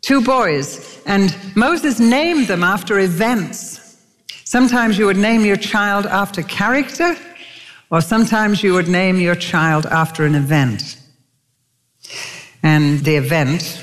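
A woman's voice: lowish voice, lively intonation, a little slow. A woman preacher telling stories in a sermon, emphatic, with sudden lifts in her voice. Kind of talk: sermon storytelling. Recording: long reverb of a large hall.

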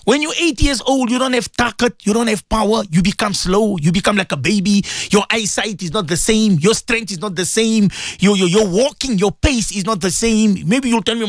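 A high-voiced middle-aged man, hosting talk radio in a studio. He rambles with feeling and turns often to his co-host and his listeners. The sound is dry and close. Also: very animated, fairly quick, fairly bright tone, no echo. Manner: emotional, rambling, addresses co-host and listeners directly.

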